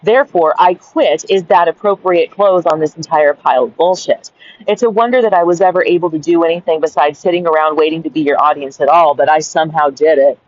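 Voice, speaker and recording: A woman's voice: sits low, a little fast, a little mellow, dry recording, muffled recording. A woman and caregiver reading her journal aloud and ranting in a blunt, profane, exasperated way.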